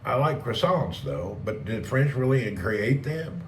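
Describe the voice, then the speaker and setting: A man's voice: medium pitch, sing-song, measured pace, a little hiss or hum. A man hosting a casual live stream, rambling and joking as he reads and answers chat messages. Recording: roomy, distant mic with faint ambience.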